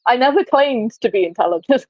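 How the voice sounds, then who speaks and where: A woman's voice: fairly high pitch, lively intonation, a little fast, no echo, muffled recording. Giggly Somerset woman in her twenties. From Somerset, England. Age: 20s. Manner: chatty, giggly and self-deprecating. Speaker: gaming streamer. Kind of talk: casual chat while gaming.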